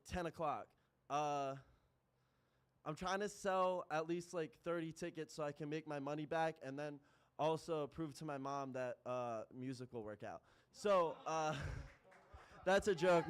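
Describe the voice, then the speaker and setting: A man's voice: on the high side, smooth. A man performing boastful, explicit rap at a live open mic, then chatting casually to the crowd. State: out of breath. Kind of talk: rapping over a beat, then chatting to the crowd. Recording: loud hip hop beat behind.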